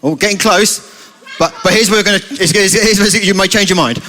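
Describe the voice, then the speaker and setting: A man's voice: sits high, a little fast, pushed and bright, slight background noise. A man with a British accent telling a playful story at a family church service, often asking the children questions. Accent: British English.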